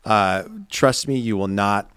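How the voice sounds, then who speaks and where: A man co-hosting a podcast in casual chat, animated and rambling, with lots of "like". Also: fairly low pitch, unhurried, clean tone, no echo, clean studio sound. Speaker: podcast co-host.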